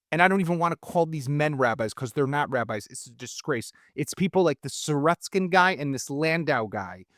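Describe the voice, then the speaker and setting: A man's voice: on the high side, dry recording, studio quality. A middle-aged man from Israel, a guest in a heated political discussion, talking emphatically and worked up, with many restarts.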